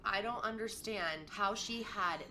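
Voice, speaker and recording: A woman's voice: medium pitch, measured pace. A woman narrating a true-crime story to her viewers, thinking aloud and asking puzzled questions. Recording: steady background noise.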